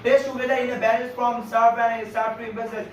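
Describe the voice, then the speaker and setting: A man teaching a class on figures of speech, speaking haltingly with many fillers and repeated phrases. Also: very high voice, level tone. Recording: echoey room, distant lo-fi mic.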